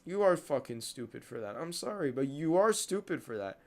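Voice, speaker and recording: A man's voice: fairly high pitch, sing-song, moderate pace, a little mellow. A young man hosting a podcast, venting in a casual monologue, heated and repeating himself. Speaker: podcast host.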